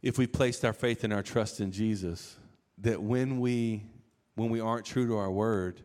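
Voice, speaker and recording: A man preaching a sermon in a conversational, animated way, acting out quoted lines. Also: lowish voice, measured pace. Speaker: pastor.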